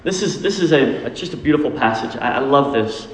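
A man's voice: medium pitch, lively intonation, a little fast. A male pastor preaching a sermon, emphatic and rising into acted pleas. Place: church sanctuary. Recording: echoey hall with long reverb.

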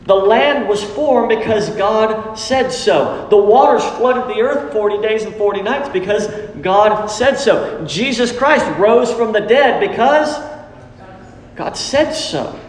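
Pastor guy preaching hard, repeats stuff for emphasis, kinda high voice, big echoey hall. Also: lively intonation, slow pace. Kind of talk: sermon. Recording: echoey hall, faint background noise.

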